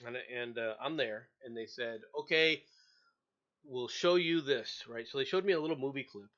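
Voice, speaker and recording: The highs are cut off on this recording of a middle-aged male host with a medium-pitched voice and moderate pace. Over a casual chat, he tells a long tale, repeating words, laughing often, and performing the quoted people's voices with animation.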